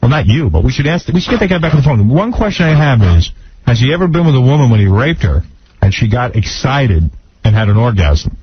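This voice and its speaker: A man's voice: medium pitch, big pitch swings, fast talker. A man hosting a radio show, telling family stories in a blunt, mocking way that pokes fun at the people in them. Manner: blunt, mocking storyteller who acts out family members. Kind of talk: casual radio talk. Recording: muffled radio broadcast with background noise.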